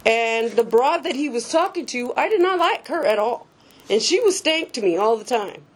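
A woman's voice: fairly high pitch, expressive, moderate pace. A woman giving a personal recovery testimony in a candid, casual, self-mocking way, laughing often and swearing freely. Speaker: speaker sharing a recovery story.

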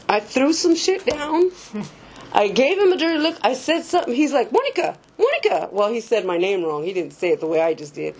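A woman's voice: fairly high pitch, darkish tone, slight background noise. Candid, self-mocking woman telling her story. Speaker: speaker sharing a recovery story. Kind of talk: personal testimony, casual storytelling.

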